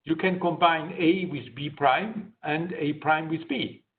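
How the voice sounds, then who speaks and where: A man's voice: a little high, fairly even intonation, measured pace. A man giving an academic science lecture, explaining his slides step by step. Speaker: guest lecturer. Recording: tinny phone-like online lecture audio.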